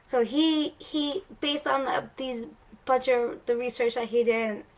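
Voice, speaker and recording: A woman's voice: a little high, a bit bright, low-quality recording. A woman science teacher giving a casual recorded lecture, explaining chatty and loose with frequent restarts.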